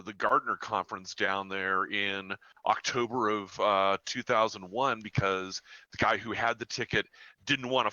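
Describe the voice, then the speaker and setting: A man's voice: on the low side, bright, forceful tone, clear, resonant tone, dry recording. A middle-aged man chatting casually at a game table, telling a rambling story. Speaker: player. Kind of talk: casual chat. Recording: slightly muffled dry audio.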